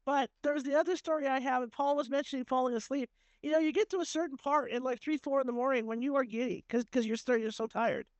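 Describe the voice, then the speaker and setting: A woman podcast host chats about her investigations, rambling with plenty of fillers. Her voice is high, and the sound is dry and close. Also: fairly even intonation, quick pace, dry recording. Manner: chatty, rambling with many fillers. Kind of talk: casual chat.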